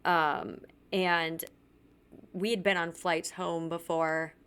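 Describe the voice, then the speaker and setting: Blunt woman, low voice, bright and clear. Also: level tone, takes it slowly. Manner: blunt, swears freely, acts out others' lines. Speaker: podcast host. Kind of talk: candid personal storytelling.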